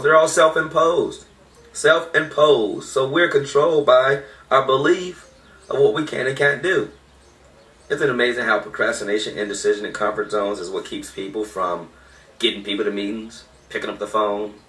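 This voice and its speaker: A man's voice: mid-range voice, sharp tone. Guy giving a pep talk, keeps repeating his points, sounds kinda far from the mic. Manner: emphatic, repeats key points, chuckles. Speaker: motivational speaker. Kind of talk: informal motivational talk. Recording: echoey room, voice off-mic.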